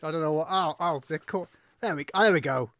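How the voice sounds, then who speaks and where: A man's voice: a little high, brisk, a bit bright, dry recording, clean studio sound. A man co-hosting a comedy podcast live stream, joking and bantering playfully. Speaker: podcast co-host.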